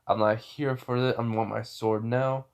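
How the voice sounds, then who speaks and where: A man voicing a brash, impatient young male swordsman, loud and demanding. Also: medium pitch, little pitch movement, moderate pace, smooth, lightly acted.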